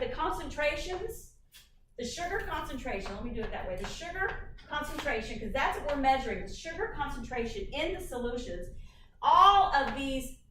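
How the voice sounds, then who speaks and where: A woman giving a university lecture in a lively, chatty way, often putting questions to the class. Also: sits high, slight background noise. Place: lecture hall. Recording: echoey hall, from far off.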